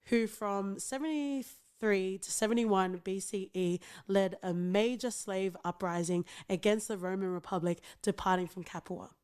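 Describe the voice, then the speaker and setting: A woman's voice: mid-range voice, a little slow, hardly any pauses, a little mellow, clean tone. A woman with an Australian accent co-hosting a podcast, chatting casually in a playful, profane way and often laughing. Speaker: podcast co-host. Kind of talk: casual chat.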